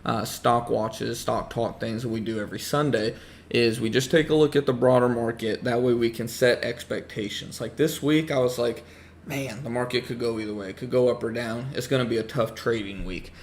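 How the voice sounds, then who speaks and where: A man hosting a casual livestream, hoarse as he loses his voice, rambling and repeating himself while greeting chat viewers. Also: medium pitch, fairly even intonation, normal speed, a little hiss or hum. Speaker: livestream host talking trading.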